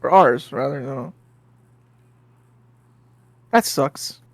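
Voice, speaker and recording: A man's voice: mid-range voice, slow pace, gravelly, no room sound. A man co-hosting a game stream, chatting casually and reading viewer comments aloud.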